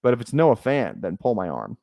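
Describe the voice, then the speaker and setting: A man's voice: on the low side, wildly swooping pitch, a little fast, gravelly, mellow, no room sound, clean studio sound. A young man streaming live, chatting casually and thinking aloud as he talks. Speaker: fantasy football streamer.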